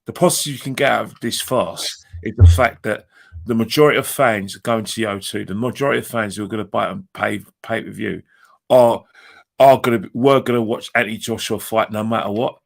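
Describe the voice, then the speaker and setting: A man's voice: lowish voice, brisk, creaky. A man co-hosting a casual boxing chat, giving emphatic opinions with frequent restarts. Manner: emphatic, repeats himself.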